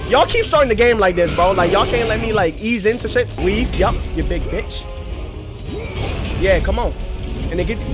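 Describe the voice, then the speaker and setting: A young man, commentating his gameplay with loud, excitable trash talk and sudden yelps. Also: high voice. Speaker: gaming streamer. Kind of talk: let's play commentary. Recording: game soundtrack loud under voice. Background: game music.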